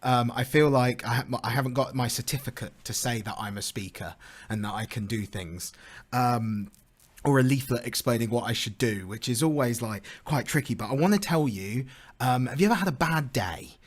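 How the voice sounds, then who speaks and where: A man's voice: medium pitch, moderate pace. A young British man giving a lightning talk, chatty and self-deprecating, with lots of filler words. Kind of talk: storytelling conference talk.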